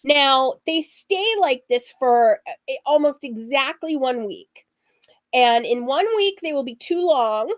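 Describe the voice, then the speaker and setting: Sewing show host, woman, husky from allergies, rambling and unhurried, recorded dry and close. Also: high voice, lively intonation, no room sound. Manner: rambling, chatty, laughs often. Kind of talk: casual chatty livestream.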